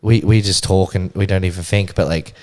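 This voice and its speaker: A young man with a fairly low voice who chats in an easygoing way. He keeps the casual podcast conversation moving by bringing up new topics. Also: fairly even intonation, a little fast, a little mellow, a little hiss or hum. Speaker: podcast co-host. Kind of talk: casual chat.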